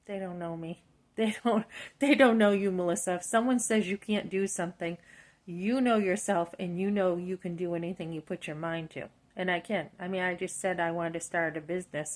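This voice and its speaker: A woman in her fifties telling a personal story about work, animated and indignant, acting out both sides of the conversation. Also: on the low side. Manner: animated, indignant, talks through her frustration. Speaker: vlogger.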